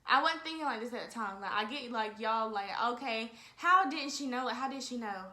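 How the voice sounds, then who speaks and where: A woman's voice: fairly high pitch, expressive, fairly quick, sharp tone. A woman in her twenties telling a story casually and animatedly, talking straight to her viewers and often saying "y'all". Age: 20s. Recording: echoey room.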